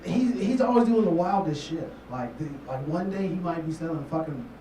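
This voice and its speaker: A man's voice: fairly high pitch, lively intonation, normal speed, warm tone. A man, telling loose, profane stand-up stories. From Memphis, Tennessee. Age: 30s. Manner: loose, profane storytelling with frequent laughs and asides. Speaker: stand-up comedian. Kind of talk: stand-up comedy set. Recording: roomy club sound from far off with noise.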